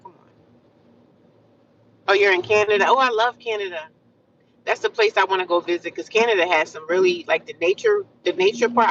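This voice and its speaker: A woman from the United States chats loosely with her livestream viewers. She is animated and repeats herself, and calls them honey and sis. Her voice is bright and forceful. It comes through a dull, lo-fi mic from a distance, with faint noise behind. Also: medium pitch. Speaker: livestream vlogger. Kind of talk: casual livestream chat with viewers.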